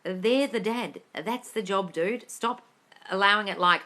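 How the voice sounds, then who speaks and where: A young woman hosts a casual phone livestream, answering viewer questions in a bright, sharp voice. She talks in an animated, blunt way and swears freely. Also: mid-range voice, a little slow. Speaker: manifesting coach hosting a live Q&A. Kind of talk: casual livestream chat reading viewer comments. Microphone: phone mic on a social media live stream.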